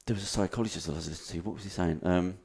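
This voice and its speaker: A man's voice: low voice, racing, vocal fry, darkish tone. A man, co-hosting a casual podcast chat, rambling and swearing freely and poking fun at himself. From England. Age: 30s. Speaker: podcast co-host.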